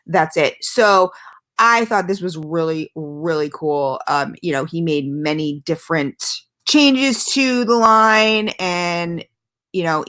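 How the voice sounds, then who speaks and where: Middle-aged woman, slightly low voice, rambling and enthusiastic vlog host. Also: a bit bright. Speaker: vape review vlogger. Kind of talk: casual chat.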